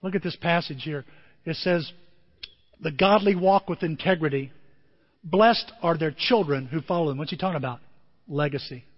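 A middle-aged man preaching a sermon as pastor, telling stories with animated asides to the congregation. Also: on the high side, moderate pace, long pauses. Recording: dull sound with long hall reverb.

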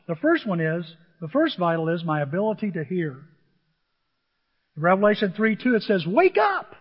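A middle-aged man preaching a sermon as pastor, animated, swinging between shouting and near-whispers, with a husky voice. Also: high-pitched, moderate pace. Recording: dull, hall reverb.

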